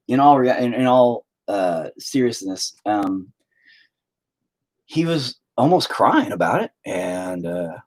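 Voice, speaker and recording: Husky, profane man telling rambling stories. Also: lowish voice. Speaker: live-stream painter. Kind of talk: rambling casual storytelling.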